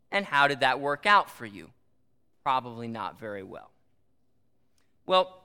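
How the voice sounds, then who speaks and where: A man's voice: medium pitch, sharp tone, clean tone, in a large hall. A man preaching a conversational sermon, with frequent asides and rhetorical questions. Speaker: pastor.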